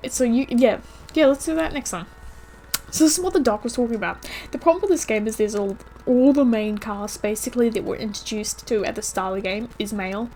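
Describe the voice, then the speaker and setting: A woman chats her way through a video game stream in a casual, talkative way, laughing often. Her voice sits a little high, with a faint background hiss. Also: brisk, dark tone. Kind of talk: casual gameplay commentary.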